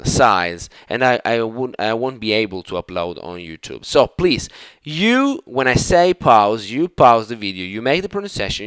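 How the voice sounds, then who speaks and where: A man's voice: fairly low pitch, fairly bright tone, clear, resonant tone, no room sound. Enthusiastic Italian man teaching Italian. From Italy. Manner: enthusiastic, repeats words slowly for pronunciation. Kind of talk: online language lesson.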